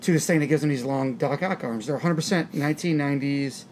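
A man's voice: fairly high pitch, fast talker, darkish tone, slight background noise. A man in a casual movie discussion, rambling with crude jokes and bursts of laughter.

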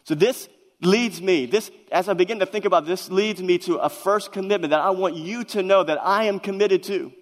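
A man's voice: high-pitched, normal speed. A man preaching a sermon to his congregation, earnest and emphatic, often stumbling and restarting his words. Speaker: pastor. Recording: long reverb of a large hall.

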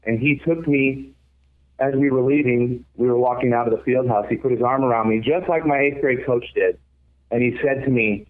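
A man in his twenties, a former college pitcher, telling his story earnestly and reflectively in an interview. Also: moderate pace. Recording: tinny phone-like line.

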